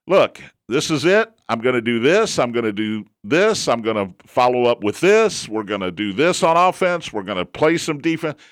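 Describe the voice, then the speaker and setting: A man's voice: a little high, a bit bright, clear, resonant tone, no echo, studio quality. A man hosting a sports talk show, chatting in an opinionated way and repeating his points for emphasis. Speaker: sports radio host.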